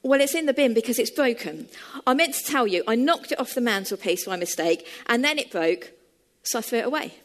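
A woman's voice: a little high, expressive, fairly quick, natural voice. A woman voicing an offhand young man who bluntly shrugs off a broken pot, in a sermon story. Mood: dismissive. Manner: casual and dismissive.

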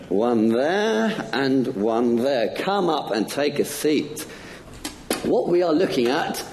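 A man's voice: medium pitch, a little mellow, a little hiss or hum. A man giving a playful talk to children during a church service, asking them many questions. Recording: echoey church hall.

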